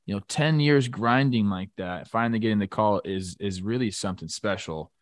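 Low-voiced former ballplayer, relaxed. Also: male voice, no room sound. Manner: relaxed, halting, many restarts. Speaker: former baseball player, show guest. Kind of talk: casual sports talk.

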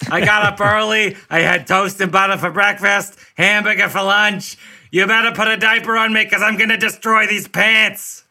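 A man's voice: high-pitched, fairly even intonation, moderate pace, vocal fry, sharp tone, pitched above the performer's own voice, full character voice. A man voicing a cranky, blunt little toddler with a put-on Boston accent.

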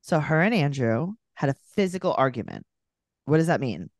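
A woman's voice: sits low, moderate pace, no room sound, clean studio sound. A woman co-hosting a podcast, recapping a reality show in casual chat and acting out the people she quotes. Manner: animated, mimics people in quoted voices. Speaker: podcast co-host.

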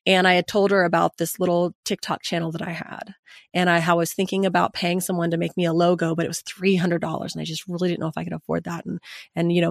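A woman's voice: fairly low pitch, vocal fry, no room sound, studio quality. A woman hosting a podcast, telling a candid and earnest personal story to her guest. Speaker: podcast host.

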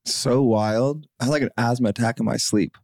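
A young man in his twenties chatting casually as a podcast guest, rambling with lots of "like" and getting animated when he quotes people. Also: mid-range voice, moderate pace, vocal fry, no echo, studio quality. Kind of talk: casual chat.

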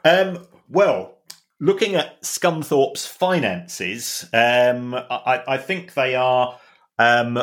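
A man's voice: medium pitch, fairly bright tone. A man co-hosting a podcast, explaining football club finances in a casual, hesitant way with many ums and restarts. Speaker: football finance expert and co-host.

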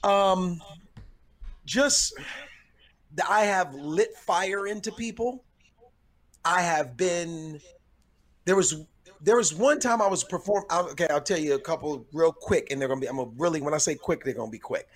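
Man comedian, podcast host, somewhat high voice, relaxed storyteller. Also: normal speed, long pauses. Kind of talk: casual storytelling chat.

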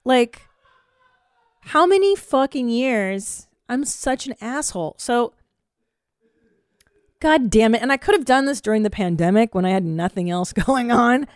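A woman in her forties hosting a podcast, chatting casually and telling stories in a profane, self-mocking, animated way. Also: on the high side, normal speed, no room sound, studio quality. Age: 40s. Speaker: podcast host. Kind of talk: casual solo chat.

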